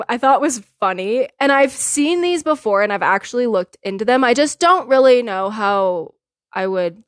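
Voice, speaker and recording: A woman's voice: medium pitch, no echo, clean studio sound. A woman hosting her own podcast in casual solo chat, blunt and opinionated, laughing often and swearing freely. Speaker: podcast host.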